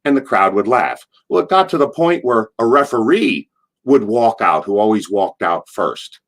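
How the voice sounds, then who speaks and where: A middle-aged man, a former wrestler, telling stories in an interview, rambling through asides and acting out what people shouted. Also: lowish voice. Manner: animated, acts out quotes in a loud, drawn-out voice. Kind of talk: casual anecdotal storytelling.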